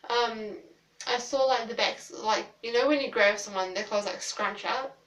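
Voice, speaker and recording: A woman's voice: a little high, normal speed, a bit bright, far from the mic. A woman telling a ghost story in a casual storytime vlog, rambling with lots of "like" fillers and casual swearing. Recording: roomy, a little off-mic.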